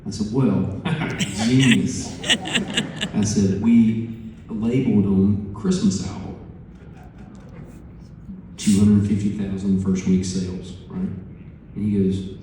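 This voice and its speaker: A man telling an animated story on stage, acting out phone calls with profane asides. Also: sits low, slow, pauses often, a little hiss or hum. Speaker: musician interviewed on stage. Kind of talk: storytelling interview before a live audience. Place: large conference hall. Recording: echoey hall, distant mic.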